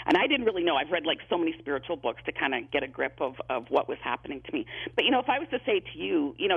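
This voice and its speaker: A man's voice: fairly high pitch, vocal fry, slightly rough. A man, a psychic medium, chatting in an interview and telling stories, often repeating himself and restarting sentences. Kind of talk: phone-in interview, storytelling. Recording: tinny phone line.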